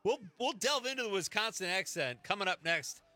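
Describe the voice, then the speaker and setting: A man's voice: sits high, animated, brisk, bright, forceful tone. A man hosting a late-night radio show, chatting easily and laughing often as he reads listener texts. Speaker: radio host. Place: radio studio.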